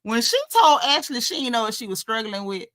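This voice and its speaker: Woman host, bright voice pitched a bit high, animated gossipy recap delivery. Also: brisk. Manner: animated, gossipy, quotes people in lively asides. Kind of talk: casual recap chat.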